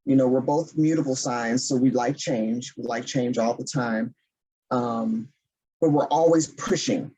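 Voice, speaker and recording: A woman co-hosting a podcast, chatting candidly about her relationships with a relaxed, laughing manner. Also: extremely low pitch, unhurried, breathy edge, poor audio. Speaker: podcast co-host. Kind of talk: casual chat.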